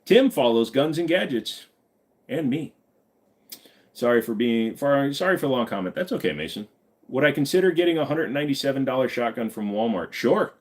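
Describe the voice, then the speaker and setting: A man hosting a casual live stream, reading viewer comments aloud and answering in a relaxed, rambling way full of fillers. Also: mid-range voice, a little fast. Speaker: livestream host. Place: back of a van.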